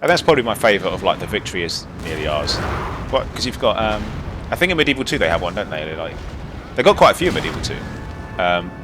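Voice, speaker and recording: A man's voice: fairly low pitch, sing-song, fast talker. A man casually commentating a strategy game he is playing, rambling through asides with self-deprecating humour. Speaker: gaming commentator. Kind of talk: let's play commentary. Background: loud game music and cannon fire.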